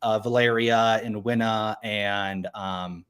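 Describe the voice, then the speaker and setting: A man's voice: lowish voice, fairly even intonation, slow pace, a bit bright, clean tone. Rambling, laughing man recapping a show. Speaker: podcast co-host. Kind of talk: casual recap chat.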